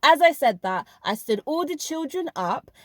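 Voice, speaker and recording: A woman tells a story from her own life in a casual vlog, pressing hard on her points and talking straight to her viewers. Her voice sits a little high. The sound is dry and close, with no room echo. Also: big pitch swings, moderate pace, fairly bright tone. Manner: emphatic, addresses viewers directly. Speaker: vlogger recounting a school job.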